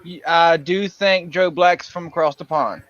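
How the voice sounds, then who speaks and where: A man's voice: on the high side, a little slow, a bit bright, dry recording, highs cut off. Chuckling Southern man hosting a stream. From South Carolina, USA. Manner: chuckly, stumbling over words. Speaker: livestream host. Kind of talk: casual chat.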